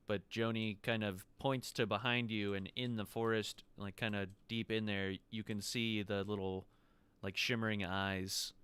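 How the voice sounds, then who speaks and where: A man narrating as game master in a relaxed way, often pausing and restarting his sentences. His voice sits low and sounds very smooth and clear.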